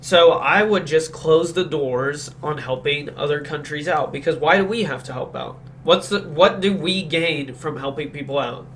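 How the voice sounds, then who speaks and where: A man's voice: on the high side, normal speed, hardly any pauses, a bit bright, a little hiss or hum. A man hosting a podcast, chatting casually about politics in a blunt, opinionated way and agreeing emphatically. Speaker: podcast host.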